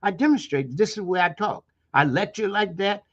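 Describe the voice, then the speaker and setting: A university lecturer from the Eastern Shore of Maryland, with a Maryland Black vernacular accent, talks as an interview guest in an impassioned, preacherly manner, asking many rhetorical questions. His voice sits high and a bit bright at normal speed, with dull audio.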